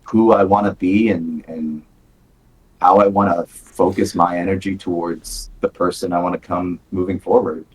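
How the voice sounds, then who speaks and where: A man with a very low, husky voice talks candidly about life after the service in a relaxed podcast chat. He rambles, restarts and fills gaps with "uh" and "like". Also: moderate pace, rough recording. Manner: candid, rambling, many fillers. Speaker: podcast co-host, veteran. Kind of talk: casual chat.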